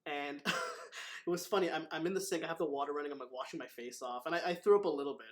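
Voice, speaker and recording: A man with a slightly raised voice hosts a relaxed chat as a martial arts instructor. He rambles through his stories, leaning on fillers and acting out what others said. His tone stays easygoing and conversational. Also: a little high, fast. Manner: rambling, filler-heavy retelling with acted quotes. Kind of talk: casual storytelling chat.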